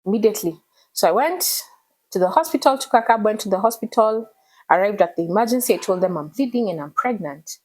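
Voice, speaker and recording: A woman, telling her personal story in an emotional, animated way as an interview guest. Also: medium pitch, quick pace, low-quality recording. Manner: earnest, animated retelling with code-switching.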